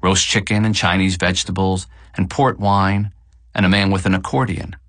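A man with a low voice narrates an audiobook from a script, reading in a measured, expressive way. There is no room sound in the recording.

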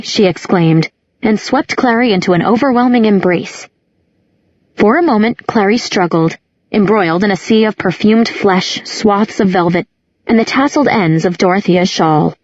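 A woman narrating an audiobook in a measured, descriptive manner. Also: medium pitch, darkish tone, dry recording, lo-fi sound. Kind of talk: scripted narration.

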